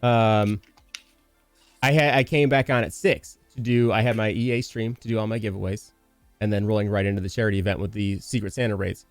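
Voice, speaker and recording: A man hosting a casual podcast chat, telling stories fast and animatedly with frequent swearing. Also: on the low side, fairly even intonation, no echo, faint music behind. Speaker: podcast host and streamer.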